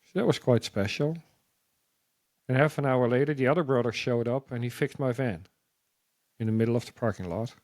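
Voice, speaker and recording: A man telling his own story as a guest, in a mid-pitched voice with a dry, close sound. He halts often, restarting and repeating words as he goes. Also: a little fast, long pauses, a little mellow, dry recording. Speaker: guest sharing a testimony.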